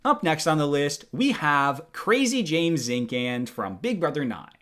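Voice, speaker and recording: A young man hosting a video, reading a scripted countdown commentary in a lively, animated way. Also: fairly high pitch, measured pace. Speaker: video host.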